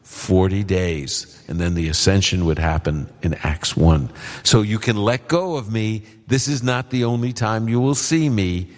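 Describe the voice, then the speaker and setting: A man answering Bible questions before a live audience, explaining in a relaxed, conversational way. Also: lowish voice, measured pace. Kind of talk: call-in Bible Q&A. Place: live event hall with audience. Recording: long hall reverb.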